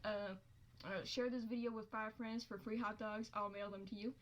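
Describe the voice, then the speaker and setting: A woman's voice: medium pitch, steady tone, normal speed, a little hiss or hum. A young woman talking to her viewers in a vlog, upbeat and offhand with loose fillers. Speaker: YouTuber.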